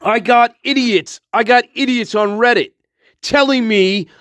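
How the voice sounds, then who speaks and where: A man giving a ranting commentary, shouting, swearing and mocking his critics. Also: very high voice, a little slow, dry recording. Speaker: online commentator.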